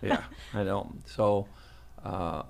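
Gravelly older man telling stories. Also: on the low side, steady tone, slow, a little mellow. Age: 70s. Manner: chuckling, rambling anecdotes with restarts. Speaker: football coach, guest. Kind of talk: storytelling interview. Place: podcast studio.

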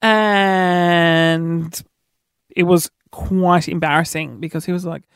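Speaking slowly in a smooth, slightly bright voice with fairly even intonation, a man shares everyday stories in a casual, self-mocking monologue. He's chatty and acts out quoted dialogue with pitch jumps, recorded in clean studio sound with no room sound.

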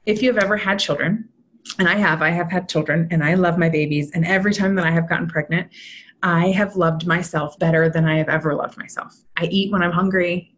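A woman in her thirties talks as a podcast guest, with a somewhat low voice. She explains in a chatty, upbeat way, often adding "right?" to keep her listener with her. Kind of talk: podcast conversation.

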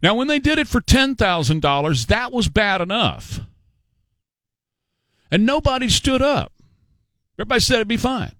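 A man's voice: sits high, big pitch swings, normal speed, long pauses, fairly bright tone, dry recording. A man hosting a talk radio show, delivering an emphatic, sarcastic political monologue with rhetorical questions.

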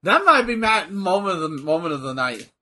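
Casual co-viewer, male, lively and bright-toned, curses a lot when excited. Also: high-pitched, a little fast. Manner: excitable, swears freely. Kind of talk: casual watch-along chat.

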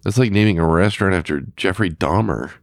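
A man's voice: low-pitched, quick pace, gravelly, no room sound, clean studio sound. A man hosting a podcast, chatting casually with lots of fillers and restarts. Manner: rambling, many fillers and restarts. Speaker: podcast host. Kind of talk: casual chat.

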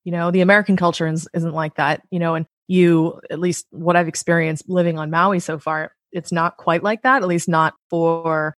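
Thirty-something woman guest on a podcast, kinda low voice, super chatty, says like a lot, dry recording. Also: normal speed, hardly any pauses, dry recording. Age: 30s. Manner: chatty, animated, lots of "like". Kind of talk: casual interview chat. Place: Maui, Hawaii.

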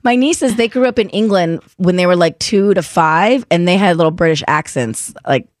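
A woman's voice: fairly low pitch, normal speed, no echo. A woman co-hosting a podcast, chatting casually in a gushing, agreeable way. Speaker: podcast co-host. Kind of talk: casual chat.

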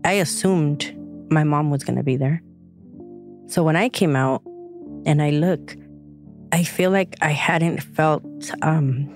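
A woman's voice: low voice, slow, pauses often, a little mellow, soft background music. A woman, reflecting on her past in an emotional personal story, close to tears at times. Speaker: guest, younger sister.

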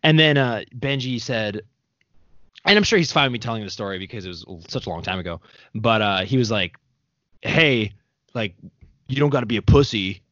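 A man's voice: mid-range voice, expressive, moderate pace, pauses often, a bit bright, no echo. A young man, a podcast host, telling stories in loose casual chat and laughing often between his fillers. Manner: rambling storyteller, laughing often, full of fillers. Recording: dull, dry sound.

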